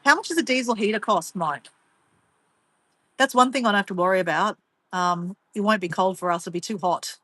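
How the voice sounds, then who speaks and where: Australian woman vlogger, bright tense voice, dry close sound, rambling and teasing. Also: mid-range voice, a little fast, dry recording. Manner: rambling, chatty, laughs often, teasing. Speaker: vlogger reading viewer comments. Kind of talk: casual live chat.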